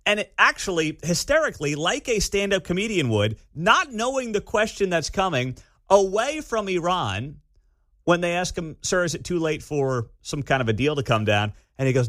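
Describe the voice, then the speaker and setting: A man hosting a talk radio show, giving opinionated commentary in a conversational, animated, slangy way. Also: sits high, normal speed, no echo, studio quality.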